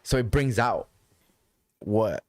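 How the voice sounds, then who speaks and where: Man, deep voice, casual profane storytelling, repetitive phrasing, dry studio sound. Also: animated, slow, darkish tone, no room sound. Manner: loose, profane, repeats phrases for emphasis.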